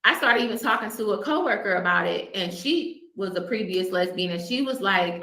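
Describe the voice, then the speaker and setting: A woman's voice: medium pitch, expressive, brisk, hardly any pauses, pushed and bright. A woman guest earnestly recounting a past relationship, restarting her sentences often. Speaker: interview guest. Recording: echoey room.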